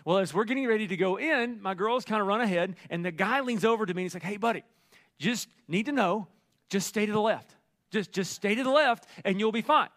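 A middle-aged man preaching a sermon as pastor, telling a story in an animated, joking way. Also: sits high, a little fast. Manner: storytelling, animated, jokey asides.

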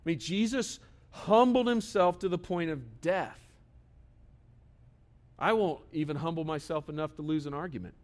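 A man's voice: on the high side, normal speed, pauses often. A man in his thirties preaching a sermon as a pastor, talking conversationally and asking many rhetorical questions.

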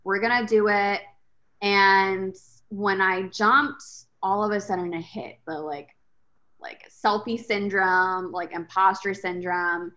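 A woman's voice: medium pitch, slow pace. Candid woman guest telling her story. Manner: candid, expressive storyteller who swears. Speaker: podcast guest, entrepreneur. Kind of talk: casual chat.

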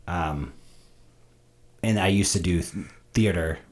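A man's voice: low voice, slow. A man co-hosting a casual podcast in a garage studio, cracking sarcastic jokes at the others. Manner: sarcastic wisecracks. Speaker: podcast co-host.

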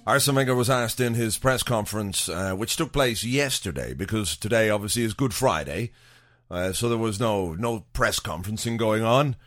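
A man's voice: on the low side, normal speed, a bit bright. A man hosting a podcast, rambling through casual football chat with jokey asides. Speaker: podcast host.

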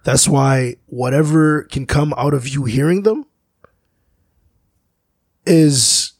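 A man, a musician, talking in a slow, searching, philosophical way, often restarting his sentences. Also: mid-range voice, darkish tone, slightly rough, no room sound. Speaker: musician guest. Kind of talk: reflective conversation.

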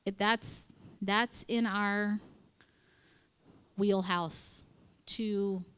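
A woman's voice: medium pitch, fairly even intonation, drawn-out words, fairly bright tone, smooth. A woman speaking to a women's church gathering in a chatty, conversational sermon, acting out quoted voices and dropping into whispered asides. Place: in front of a live audience.

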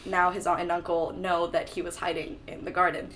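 A woman's voice: on the low side, flat delivery, brisk, a bit bright, a little hiss or hum. Breezy, sarcastic young woman podcaster. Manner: breezy, sarcastic, swears freely. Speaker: podcast co-host. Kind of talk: casual book-discussion chat.

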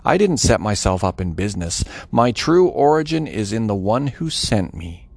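Solemn, measured prophet-teacher voiced by a male reader in a scripture reading, gravelly tone. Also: fairly low pitch, big pitch swings, no room sound, exaggerated voice.

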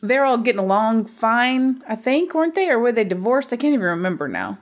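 Animated woman chatting about movies. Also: a little high. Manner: animated, opinionated, quick asides. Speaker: podcast co-host. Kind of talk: casual movie review chat.

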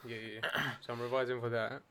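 A young man talks through his day in loose, laid-back banter. He swears casually and drifts into jokes, at an ordinary middle pitch. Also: level tone, fast, pushed and bright, smooth. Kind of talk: casual chat.

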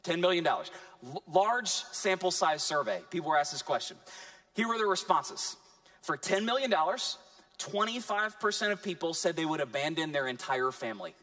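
High-voiced animated male preacher. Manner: animated preaching with dramatic pauses. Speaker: pastor. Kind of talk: sermon.

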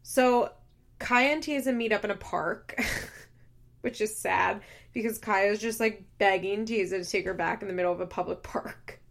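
A young woman hosts a casual podcast, talking through reality TV episodes in an easygoing voice. She is animated and chatty, fills her talk with "like", and laughs often. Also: medium pitch, normal speed, creaky. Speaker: podcast host.

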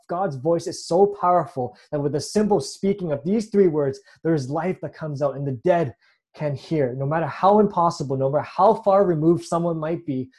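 Earnest man preaching, dark mellow voice. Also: a little high, slightly rough. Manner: earnest, repeats words when restarting. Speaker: pastor. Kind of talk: sermon.

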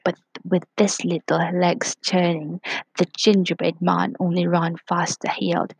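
A woman's voice: fairly low pitch, flat delivery, unhurried, husky, dry recording, low-quality recording. A woman narrating a children's storybook aloud, dropping into whispers for suspense.

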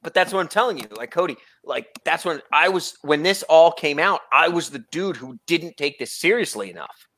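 A man with a high, bright voice talks in loose, casual chat. He jokes loudly and swears freely as he goes. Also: expressive, moderate pace. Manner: loud, joking, swears freely. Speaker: podcast co-host. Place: Germany.

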